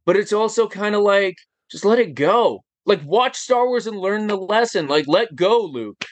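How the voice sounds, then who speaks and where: Male podcast guest, animated chatter, fairly high and very lively voice. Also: moderate pace, no echo. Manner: animated, emphatic, rhetorical questions. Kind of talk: casual chat.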